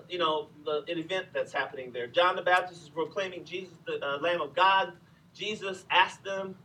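Middle-aged male pastor, conversational animated sermon, bright tone, recorded from a distance. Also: high voice, a little hiss or hum. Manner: animated, conversational preaching with asides.

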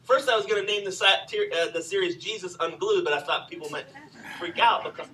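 A man preaching a sermon, telling the story with animated swings from loud to hushed. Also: sits high, brisk, recorded from a distance, poor audio. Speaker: pastor.

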